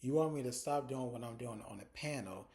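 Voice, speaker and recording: A man with a mellow, relaxed voice recaps a reality TV episode in a loose, chatty way. He swears freely and throws his voice up high when he acts out what the cast said. The tone is casual commentary straight to his viewers. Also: brisk. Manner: animated, profane, quotes people in exaggerated voices.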